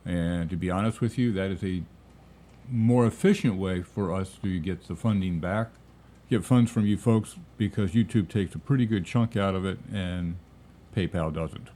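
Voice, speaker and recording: A man's voice: sits low, normal speed. A man co-hosting a live painting stream, chatting casually and reading out viewers' questions. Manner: relaxed, talking to viewers.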